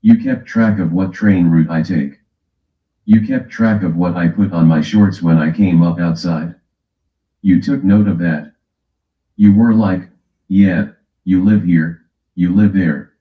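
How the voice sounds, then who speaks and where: A man's voice: low voice, a little slow, echoey room, highs cut off. A man hosting a livestream in casual chat, brash and teasing as he calls out people in his chat. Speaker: livestream host.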